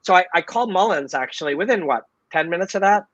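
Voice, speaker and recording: Profane, storytelling host. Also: male voice, sits high, fast talker, no echo, lo-fi sound. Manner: animated, profane, tells stories with acted-out quotes. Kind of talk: casual storytelling. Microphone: video call.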